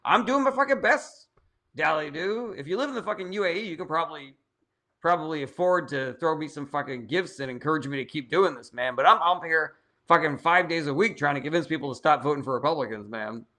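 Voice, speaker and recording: Fast and forceful, a political livestream host with a fairly high, bright voice answers viewer questions in a casual Q&A. He reads comments aloud and responds bluntly, swearing often.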